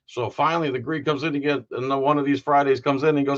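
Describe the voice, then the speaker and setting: A man's voice: mid-range voice, fairly even intonation, fast talker, dull audio. A man hosting a live stream, rambling and cracking jokes as he signs off. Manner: rambling and joking, many fillers. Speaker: livestream host. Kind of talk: casual live-stream sign-off.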